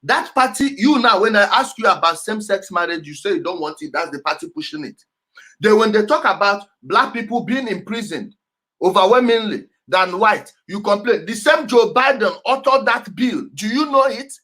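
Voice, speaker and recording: A man with a high, expressive voice and a sharp tone talks at normal speed. Hosting a show, he gives animated commentary over clips, emphatic and repeating key words, laughing often.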